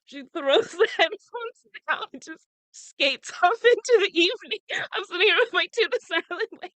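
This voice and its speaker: A woman's voice: very high voice, animated, moderate pace, a bit bright, no room sound. A young woman co-hosting a podcast, blunt and profane, laughing often as she tells stories about her toddler. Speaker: podcast co-host. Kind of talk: casual chat.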